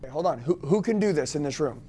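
A man leads a live sales training in a room full of staff, pushing them hard and acting out phone calls on the spot. His voice sits high, yet its tone stays mellow and soft at the edges. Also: animated, slightly rough, soft background music. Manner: loud, pushy coaching, quick acted role-play lines.

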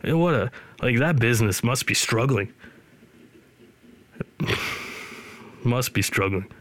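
A man's voice: mid-range voice, lively intonation, takes it slowly, fairly bright tone. A man in his thirties or older hosting a podcast, rambling casually with sarcastic, joking asides. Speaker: podcast host. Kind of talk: casual chat.

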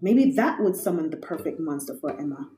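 A woman reading a children's picture book aloud with expressive, lively delivery. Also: low voice, fairly quick, echoey room, soft background music. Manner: expressive, bright character voices. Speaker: storybook narrator. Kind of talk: storybook read-aloud.

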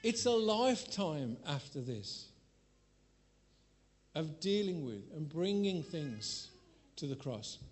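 A man preaching to a congregation and telling a candid personal story with self-mocking humor and sudden changes in loudness. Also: fairly high pitch, sing-song, takes it slowly, slight background noise. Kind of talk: sermon.

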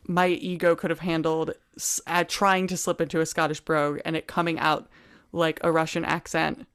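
An American woman co-hosting a history podcast, talking quickly and playfully in casual chat. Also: deep voice, flat delivery, fairly bright tone, clean tone. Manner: quick, playful, self-mocking. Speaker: podcast co-host.

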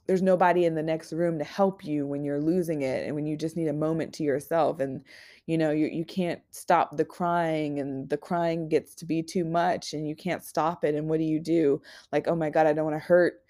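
A woman in her twenties hosting a podcast, talking in a raw, candid personal monologue that is full of halting restarts and frank swearing. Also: deep voice, steady tone, dark tone. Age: 20s. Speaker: podcast host.

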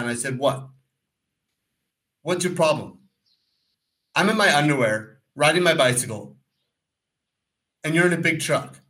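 Bright-voiced man telling a rambling story. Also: medium pitch, poor audio. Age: adult, former pro cyclist. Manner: rambling, animated, acts out quotes. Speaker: podcast co-host. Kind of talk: casual storytelling.

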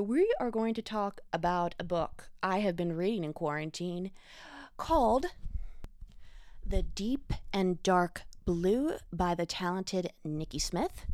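A woman's voice: mid-range voice, darkish tone, dry recording, studio quality. A woman hosting a solo book podcast, chatting casually with wry, self-mocking asides. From United States. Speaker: podcast host reviewing books.

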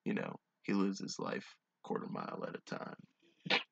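A man's voice: a little slow, a bit bright, no echo, lo-fi sound. A man hosting a podcast, reading stories aloud and breaking off for sarcastic, wisecracking asides. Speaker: podcast host.

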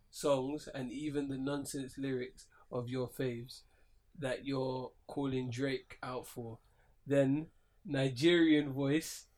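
A young man, co-hosting a podcast, giggly and reading aloud haltingly. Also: mid-range voice, slight background noise. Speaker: podcast co-host. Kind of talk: casual chat.

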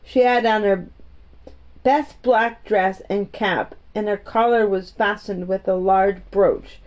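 A woman reading a children's story aloud in a gentle, homey storytime manner. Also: mid-range voice, fairly even intonation, takes it slowly. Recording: muffled lo-fi recording.

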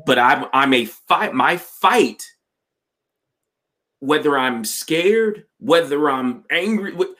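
A man's voice: a little high, lively intonation, takes it slowly, sharp tone. A man hosting a podcast conversation, enthusiastic and emphatic with a folksy way of talking.

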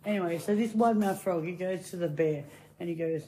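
A woman's voice: fairly low pitch, fairly quick, mellow. A woman rambling casually and telling jokes as a chatty storyteller.

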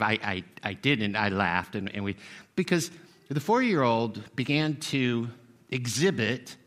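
A man in his sixties, a pastor giving a sermon in a relaxed, conversational, self-deprecating way, full of fillers and restarts. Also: medium pitch. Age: 60s. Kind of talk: sermon with personal story.

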